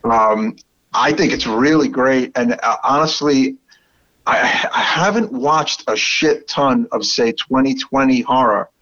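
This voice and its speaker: A man's voice: medium pitch, expressive, measured pace, pushed and bright. Brooklyn man chatting on a muffled recording. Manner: enthusiastic, swears freely, rambling with restarts. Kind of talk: casual chat.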